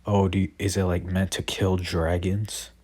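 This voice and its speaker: A man's voice: deep voice, level tone, moderate pace, a little mellow, breathy edge. A man voicing a brash, sarcastic young male knight in a plain, mildly mocking way.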